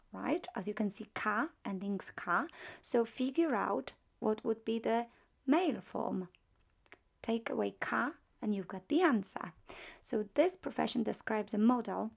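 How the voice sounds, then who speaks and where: A woman with a Polish accent teaching a beginner language lesson, repeating words slowly and checking in with questions. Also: a little high, creaky. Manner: slow drilled repetition of target words; frequent fillers and checking questions.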